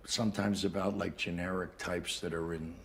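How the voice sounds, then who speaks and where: An older man, an actor, recounting audition stories in a dry, measured way during a casual conversation. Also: deep voice, little pitch movement, creaky, a little hiss or hum.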